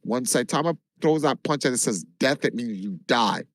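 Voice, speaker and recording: A man from Jamaica, a livestreamer, telling a long story in an animated, casual way and swearing freely. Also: medium pitch, normal speed, no room sound. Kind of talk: casual chat.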